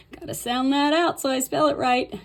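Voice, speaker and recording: A woman hosting a casual craft tutorial, thinking aloud as she writes and softly repeating words to herself. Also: high-pitched, vocal fry. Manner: fast talker. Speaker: host.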